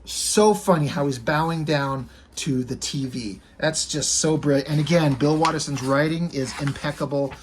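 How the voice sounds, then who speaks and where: A man's voice: on the high side, normal speed, hardly any pauses, slight background noise. A man giving a casual, rambling, enthusiastic commentary on comic strips. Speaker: comic reviewer.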